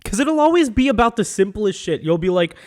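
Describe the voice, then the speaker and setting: A young man, co-hosting a podcast in a profane, animated rant. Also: sits high, a little fast. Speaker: podcast co-host. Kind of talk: casual chat.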